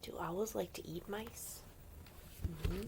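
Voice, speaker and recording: A woman reading a picture book aloud to children, gentle and often whispering, with playful animal sounds. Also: lowish voice, takes it slowly, background noise. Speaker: storyteller for children.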